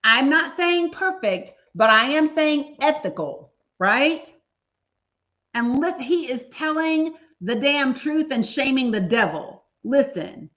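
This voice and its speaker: A woman with a fairly high voice, hosting a livestream and talking straight to her audience. She speaks with emphasis and repeats her points, and the audio is dull and lo-fi. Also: animated, takes it slowly, a bit bright. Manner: emphatic, talks straight to viewers. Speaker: livestream host. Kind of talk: casual livestream commentary.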